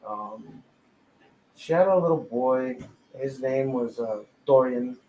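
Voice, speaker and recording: A man's voice: medium pitch, takes it slowly, dark tone, slight background noise. Slangy laughing man telling a story. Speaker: tattoo artist telling a personal story. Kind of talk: casual storytelling chat. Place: tattoo studio during a live podcast. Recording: roomy echo, faint ambience.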